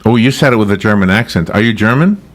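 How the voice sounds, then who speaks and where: A man's voice: fairly low pitch, animated, fast. A man hosting a radio talk show, chatting in a rambling way that often breaks off and restarts. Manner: chatty, rambling, self-interrupting. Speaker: radio host. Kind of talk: casual radio interview.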